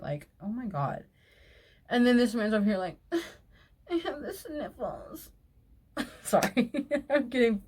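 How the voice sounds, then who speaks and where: A woman hosting a video, reading posts aloud and breaking in with outspoken, exasperated commentary. She swears freely and laughs often between remarks. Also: fairly low pitch. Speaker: online video host reading reader posts.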